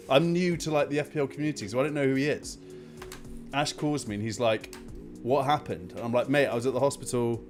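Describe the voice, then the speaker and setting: A man hosts a casual live stream at a mid-range pitch, his voice jumping up as he tells an exasperated story. He rambles with lots of filler words, and faint music plays underneath. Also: a little fast, darkish tone.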